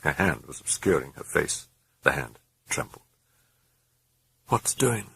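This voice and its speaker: A man giving a grave, measured dramatic audiobook narration. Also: extremely low pitch, vocal fry, bright, forceful tone, husky.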